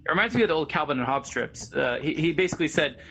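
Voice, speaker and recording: A man in his thirties telling stories in casual chat, animated and rambling, laughing often. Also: fairly high pitch, rapid-fire, creaky, slight background noise, low-quality recording. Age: 30s. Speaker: guest.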